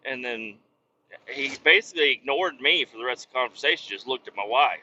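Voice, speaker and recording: A man hosting a podcast, ranting heatedly with constant swearing and bursts of yelling, recorded in the cab of a semi truck while driving. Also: mid-range voice, fairly quick. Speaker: podcast host. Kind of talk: profane ranting monologue. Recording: dull lo-fi recording.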